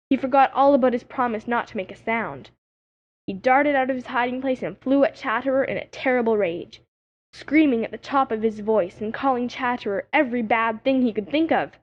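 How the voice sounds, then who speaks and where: A woman narrating a children's animal story as an audiobook reader, in an expressive storytelling manner. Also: on the high side. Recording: dull lo-fi audiobook recording.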